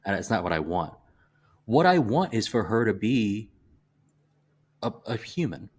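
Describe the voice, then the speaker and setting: Low-voiced thoughtful Southern man. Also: sing-song, slightly rough. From American South. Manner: halting, restarts often, thoughtful. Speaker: podcast co-host. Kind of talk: casual movie discussion.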